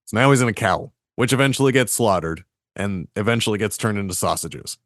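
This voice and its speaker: A man's voice: on the low side, animated, a little fast, fairly bright tone, no echo, clean studio sound. A man, co-hosting a podcast, casually retelling a story and laughing often between jokes. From Boston area. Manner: laughs often, loose and joking. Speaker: podcast co-host.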